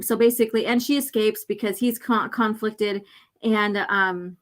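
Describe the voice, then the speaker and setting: A woman hosting a casual livestream and reading a comic aloud, rambling with many fillers and often clearing her irritated throat. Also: mid-range voice, fairly even intonation, normal speed.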